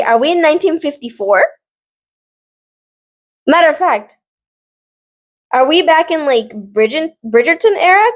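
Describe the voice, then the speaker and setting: This recap vlogger covers books and dramas, addressing viewers head-on in a somewhat high voice. Her talk is loose and animated, full of digressions and frequent "like"s, and it keeps a friendly, conversational energy from start to finish.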